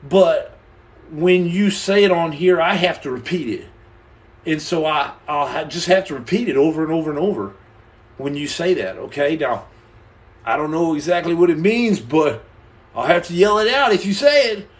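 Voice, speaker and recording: A young man hosting a livestream from a room at home, answering viewer comments with boastful deadpan jokes and tall tales. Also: fairly high pitch, normal speed. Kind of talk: joking livestream chat.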